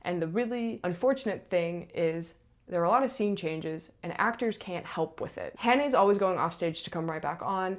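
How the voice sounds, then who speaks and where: A young woman, a stage manager, telling a backstage story in a chatty, animated way with lots of asides. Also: fairly low pitch. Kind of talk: casual storytelling to camera.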